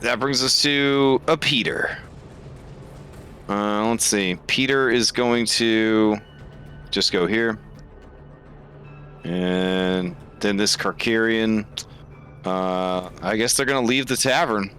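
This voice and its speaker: A man's voice: on the low side, slow pace, pauses often, a bit bright, soft background music. A man running a tabletop game as game master, thinking aloud with lots of fillers.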